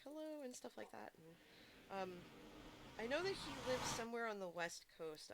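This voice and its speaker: A woman's voice: mid-range voice, noisy background. A woman chatting casually while streaming a game, rambling through stories and answering her chat.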